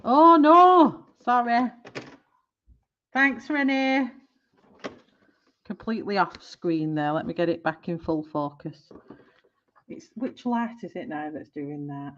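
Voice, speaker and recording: A woman's voice: low voice, expressive, unhurried, long pauses, highs cut off. A woman hosting a colouring live stream, chatting casually and giggling as she trips over product names.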